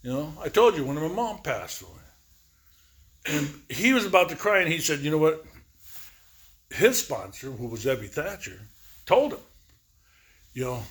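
A man's voice: a little high, big pitch swings, moderate pace, pauses often, a bit bright. A man in his sixties giving a rambling personal recovery testimony, full of fillers and repeats, acting out both sides of remembered talks. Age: 60s. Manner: rambling, repetitive storytelling with many fillers. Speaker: recovery speaker.

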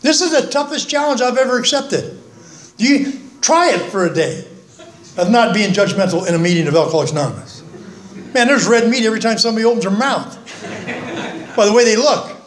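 An older man's voice sits high as he talks from the front of a recovery meeting in an echoing room, pausing often despite a fairly quick pace. His intonation is lively, and his folksy, earnest talk is laced with jokes at his own expense.

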